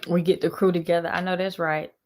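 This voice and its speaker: A woman's voice: lowish voice, fast, slight background noise. A young woman, casually telling a story on a live stream and talking straight to her viewers. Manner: animated, sassy, addresses viewers as y'all.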